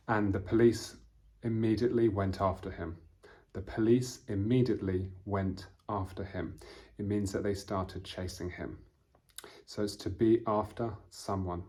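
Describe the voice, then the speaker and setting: A man with a British accent, teaching English vocabulary to learners at a patient, explaining pace and acting out example sentences. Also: on the low side. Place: indoors, seated at camera.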